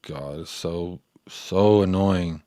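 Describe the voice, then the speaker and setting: A man's voice: low-pitched, slow pace, mellow, dry recording, studio quality. A man hosting a football fan show, chatting casually and rambling, sometimes losing his train of thought and swearing. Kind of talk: casual post-match fan chat.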